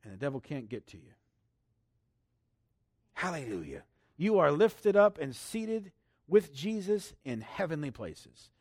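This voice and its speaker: A man preaching a sermon, exuberant and laughing, swinging between hushed and loud lines. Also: fairly high pitch, sing-song, measured pace, pauses often, slightly rough, dry recording, studio quality. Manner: leads congregation in a loud spoken declaration.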